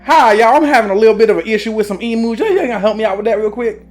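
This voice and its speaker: A man voicing an overly friendly man on a phone call, in a sugary, higher put-on voice. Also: rapid-fire, faint music behind, close to an everyday voice. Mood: sweet-talking.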